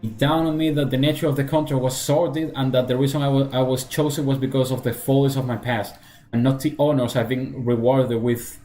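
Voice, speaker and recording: A man's voice: mid-range voice, little pitch movement, mellow, soft background music, close to an everyday voice. Man reading as a doomed, remorseful nobleman. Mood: grave. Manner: solemn, halting read-aloud with stumbles. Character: doomed remorseful male nobleman writing his confession.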